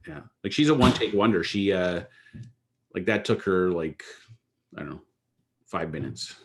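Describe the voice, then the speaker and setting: A man with a very low, deep voice talks in a loose, rambling way, full of "uh" and "like". He chats casually with a business partner about their app project. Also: moderate pace, husky. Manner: relaxed, rambling with fillers. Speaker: app co-founder. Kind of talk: casual work chat.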